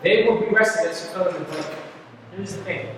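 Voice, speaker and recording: A man's voice: sits high, brisk. A man leading a casual Bible study for a church youth group, chatty and rambling, with many fillers and asides to his listeners. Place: church hall. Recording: echoey hall from far off, noisy.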